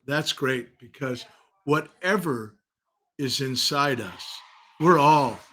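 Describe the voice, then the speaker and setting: A man hosting a podcast, speaking in a slow, halting way with many fillers. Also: medium pitch, pushed and bright, slight background noise. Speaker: podcast host. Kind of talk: interview conversation.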